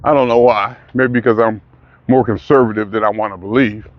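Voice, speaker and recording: A man's voice: fairly low pitch, fairly even intonation, fairly quick, no room sound, muffled recording. A man in a casual monologue, rambling and questioning himself, sometimes mocking others in put-on voices. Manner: rambling, self-questioning, restarts often. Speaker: vlogger.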